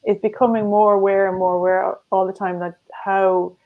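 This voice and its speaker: A woman's voice: mid-range voice, flat delivery, moderate pace, phone-quality sound. A woman co-host chatting agreeably, with frequent affirming sounds. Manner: agreeable, chatty, many backchannels. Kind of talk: conversational interview.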